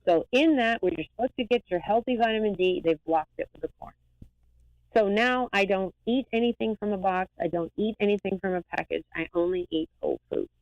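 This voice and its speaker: A woman eye doctor talking as a guest in a lively, rambling, emphatic way. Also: medium pitch, fairly quick, no room sound, muffled recording. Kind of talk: casual interview talk.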